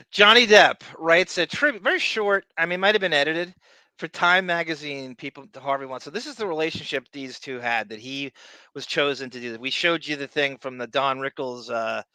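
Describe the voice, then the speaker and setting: A man's voice: fairly high pitch, moderate pace, pushed and bright, dry recording, low-quality recording. A man co-hosting a podcast, speaking in a sarcastic, profane ranting manner during casual commentary. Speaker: podcast co-host.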